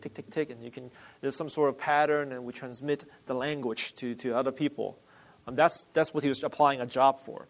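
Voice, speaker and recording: A male pastor delivering a sermon, emphatic and deliberate, repeating key phrases. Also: a little high, rough recording.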